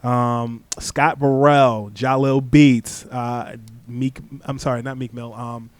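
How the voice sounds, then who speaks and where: A young man guesting on a sports talk podcast, telling stories in an animated way with frequent restarts. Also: medium pitch, slow pace, clean tone, dry recording. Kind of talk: casual chat.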